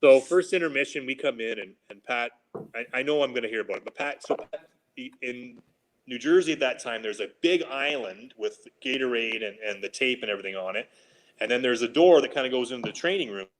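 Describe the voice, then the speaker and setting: A former hockey player in his forties telling animated, casual stories on a podcast and acting out what his coaches said. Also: mid-range voice, brisk, rough recording. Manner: animated anecdotes, laughing, quoting coaches. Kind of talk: casual storytelling.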